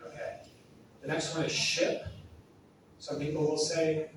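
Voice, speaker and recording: Slow, demonstrative male pronunciation coach. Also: a little high, completely flat delivery. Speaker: pronunciation teacher in a played video. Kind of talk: scripted pronunciation lesson. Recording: echoey room, far from the mic, noisy.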